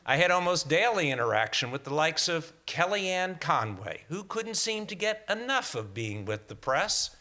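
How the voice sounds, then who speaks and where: A man's voice: fairly high pitch, very animated, normal speed, few pauses, sharp tone. A man in his sixties gives a prepared talk to a live audience, telling stories in a wry way with small hesitations. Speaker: guest speaker. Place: lecture hall before a live audience.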